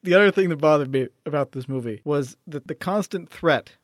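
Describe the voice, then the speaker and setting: A man's voice: a little high, a little fast, no echo, clean studio sound. A man co-hosting a podcast in casual chat, picking apart details analytically and laughing now and then. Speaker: podcast co-host.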